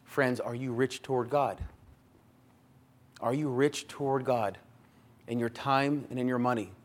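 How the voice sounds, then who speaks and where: A male pastor preaching a sermon in a deliberate manner, repeating phrases and putting questions to the congregation. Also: medium pitch, fairly even intonation.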